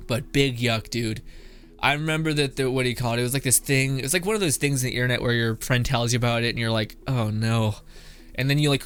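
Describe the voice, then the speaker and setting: A man's voice: mid-range voice, a bit bright. A man reacting to internet memes in casual commentary, laughing often, swearing, and rambling off into asides. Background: background music.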